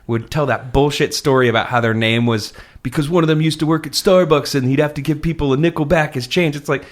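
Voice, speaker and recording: A man's voice: fairly high pitch, quick pace. A man co-hosting a podcast in casual comedic chat, laid-back and joking, with frequent ums and laughs. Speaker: podcast co-host.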